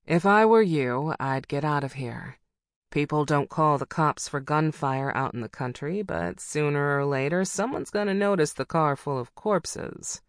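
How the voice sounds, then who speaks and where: A woman narrator voicing an icy-eyed older woman who hunts monsters, speaking calm, courteous and dry in an audiobook. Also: sits low, unhurried, no room sound. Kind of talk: audiobook character voice.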